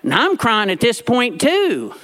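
Lively male storyteller. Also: very high-pitched, unhurried. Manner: animated, expressive storytelling. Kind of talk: storytelling to a live audience.

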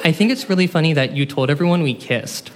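A nervous teenage girl at summer camp speaks haltingly, as a male storyteller quotes her. Her voice sits low and hesitant, and she pauses between her words. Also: animated, very noisy, natural voice.

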